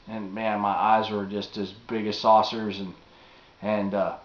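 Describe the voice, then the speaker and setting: A man recounts an outdoor story in a loose, spoken style, acting out quotes and swinging between hushed and loud. The sound is roomy and a little dull, like a home video. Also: lowish voice, moderate pace. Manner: animated, acts out quotes, drops to a hush.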